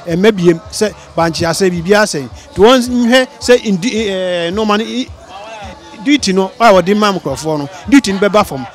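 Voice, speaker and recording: A man with a Ghanaian accent answering a street interview outdoors, talking earnestly and pleading, halting often with restarts. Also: high-pitched.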